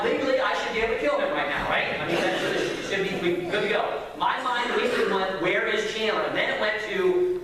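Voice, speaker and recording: A man preaching, telling a family story with lively acted-out voices. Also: sits high, slight background noise. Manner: animated storyteller acting out voices. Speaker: pastor. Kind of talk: sermon storytelling. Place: church sanctuary. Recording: echoey hall from far off.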